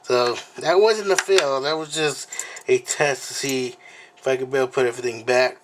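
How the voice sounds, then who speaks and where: A man hosting a casual unboxing vlog at home, talking in a rambling, halting way with many fillers and apologies, recorded on the camera mic. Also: medium pitch, noisy background. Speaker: video host.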